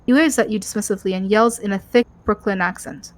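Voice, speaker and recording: A woman's voice: medium pitch, quick pace, no echo. A woman co-host reading a story game's narration aloud, stumbling over words and laughing often.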